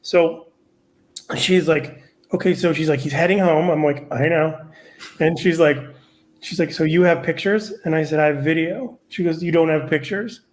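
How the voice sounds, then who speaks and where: Middle-aged male comic guest, slightly high voice, rambling, profane storyteller. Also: moderate pace. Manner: rambling, filler-heavy, profane. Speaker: comedian guest. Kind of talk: casual storytelling.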